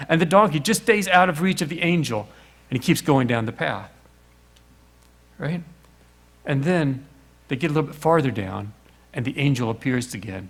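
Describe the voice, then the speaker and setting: A man's voice: a little high, a bit bright. A middle-aged man preaching a sermon, telling the story with little acted voices and rhetorical questions.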